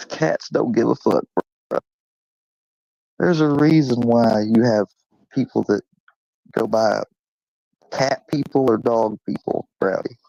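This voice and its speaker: A man streaming from home, telling an animated story casually and swearing freely, and cooing at his dog. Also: creaky, dry recording, highs cut off. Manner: animated, swearing, high-pitched when imitating animals; coos at his dog in a high sing-song.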